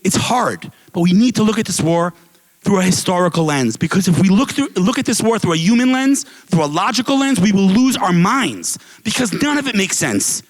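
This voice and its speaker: A man giving an impassioned speech to a live audience at an event, telling stories and asking rhetorical questions in a casual, animated way. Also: high-pitched, normal speed, poor audio. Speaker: guest speaker at an advocacy event. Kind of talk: impassioned public speech with storytelling.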